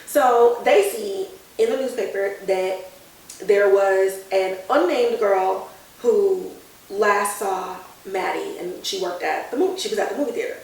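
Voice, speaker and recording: Woman podcast host, animated slangy recapper, recorded off-mic in a very reverberant space. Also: medium pitch, moderate pace, vocal fry, far from the mic. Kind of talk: casual TV episode recap. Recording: very echoey room, off-mic.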